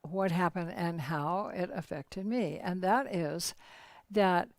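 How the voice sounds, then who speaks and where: A woman leading a spiritual workshop, telling teaching stories in a calm, measured, unhurried way. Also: fairly low pitch, no room sound. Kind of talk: teaching storytelling.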